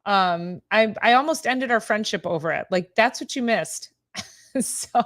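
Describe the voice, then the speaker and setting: A rambling, chatty woman in middle age with a voice a shade lower than most, hosting a relaxed live stream. She laughs easily and chats straight to her viewers as she goes. Her talk is casual and loose, with lots of small asides. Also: moderate pace. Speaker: host, chiropractor.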